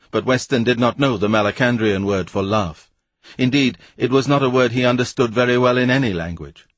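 Low husky guy reading a story aloud, dry close sound, wry and even. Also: no room sound. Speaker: audiobook narrator. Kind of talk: storybook narration.

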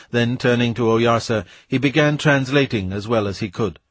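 Casting: male audiobook narrator, measured, slightly husky, dry close sound. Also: mid-range voice, dry recording. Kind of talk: scripted narration.

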